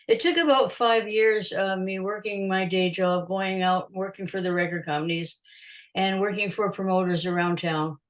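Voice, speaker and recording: Animated older woman telling stories. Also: medium pitch, normal speed, low-quality recording. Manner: animated storyteller, laughs often, acts out quotes. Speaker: podcast guest, concert photographer. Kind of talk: casual interview storytelling.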